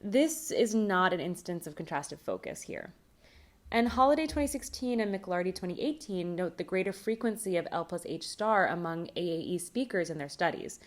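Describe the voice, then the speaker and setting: A woman presenting a recorded academic conference talk, reading a prepared script in a measured, explanatory way. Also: on the low side, expressive.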